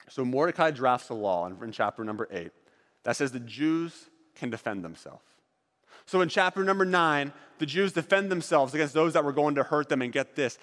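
A man retelling a Bible story with volunteers, dramatic and swinging from excited to hushed. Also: a little high. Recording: reverberant hall.

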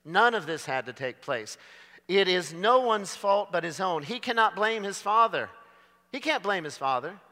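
A man preaching a dramatic sermon, swinging from loud to hushed. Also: high voice, big pitch swings, normal speed, in a large hall.

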